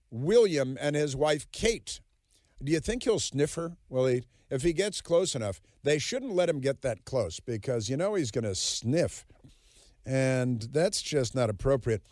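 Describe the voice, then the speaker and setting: A man's voice: a little high, darkish tone, no room sound, clean studio sound. A man hosting a political talk radio show, delivering a sarcastic, mocking monologue with plenty of fillers.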